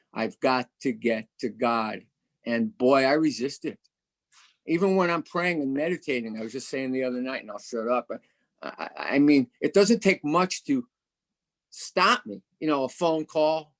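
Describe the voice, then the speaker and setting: Brief: man, guest speaker at a recovery meeting, candid and self-mocking, stammers, mid-pitched voice, video call. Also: fairly bright tone. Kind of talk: personal share at a recovery meeting.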